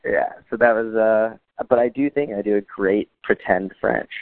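Male guest, dry wit, lively storyteller; close dead room, thin lo-fi audio. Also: on the low side, moderate pace, vocal fry, no echo. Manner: dry humor, quotes people in lively voices. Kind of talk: casual storytelling chat.

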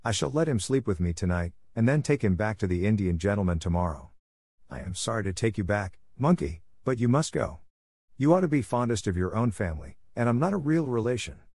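A man voicing a gentle, hopeful young girl who speaks in an earnest, tender and polite way. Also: fairly low pitch, sing-song, brisk, no echo, clean studio sound. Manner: earnest and tender, softly affectionate.

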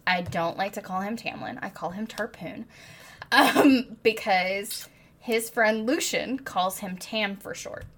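A woman's voice: mid-range voice, slow pace, vocal fry, a bit bright. A woman co-hosting a casual book podcast, retelling the plot with swearing and dramatic flair. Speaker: podcast co-host. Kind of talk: casual book-club chat.

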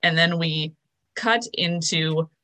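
A woman's voice: deep voice, takes it slowly, sharp tone. A young woman co-hosting a podcast, casually recapping a TV episode, chatty and full of fillers. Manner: chatty, filler-heavy, storytelling. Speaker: podcast co-host.

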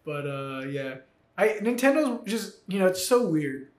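A man's voice: sits high, big pitch swings, a little slow. Chatty young man in echoey room. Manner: rambling, filler-heavy storytelling. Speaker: podcast co-host. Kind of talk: casual chat.

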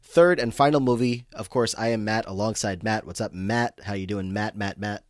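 Man, low voice, dry close mic, chatty podcast co-host, casual film recap. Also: moderate pace, no echo. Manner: chatty, lots of fillers.

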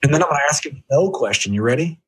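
A man speaking as a guest, giving an energetic, emphatic sales-coaching talk straight to the listener. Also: rapid-fire, slightly rough. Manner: emphatic, jumpy pitch, direct address to listener. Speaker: guest reviewing a book on sales.

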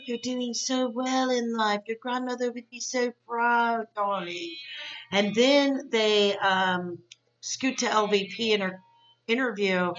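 Bright-voiced woman recapping a show, lo-fi. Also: mid-range voice, recorded from a distance. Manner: chatty and opinionated, many fillers. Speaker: podcast host. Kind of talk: casual episode recap.

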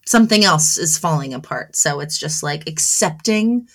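Co-hosting a relaxed podcast chat about motherhood, a Southern New Jersey woman in her thirties talks in a chatty way at normal speed. Her voice is low for a woman, and she frequently laughs while acting out what she says to her kids.

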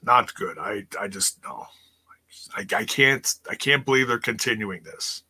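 A man's voice: on the low side, measured pace, pushed and bright, breathy edge. A man casually recapping a wrestling show on a live stream, chatting with viewers and sounding exasperated. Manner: chatty, exasperated, reads chat aloud.

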